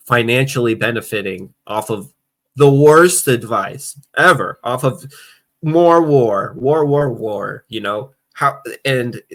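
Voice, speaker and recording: A man's voice: medium pitch, a bit bright. A man co-hosting a casual political podcast, ranting heatedly and swearing often. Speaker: podcast co-host.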